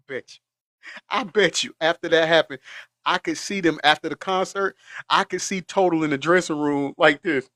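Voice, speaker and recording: Casting: high-pitched man, chatty reaction host, teary from laughing, dry close mic. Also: unhurried, pauses often, dry recording. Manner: laughing hard, animated, chatty. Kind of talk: casual reaction commentary.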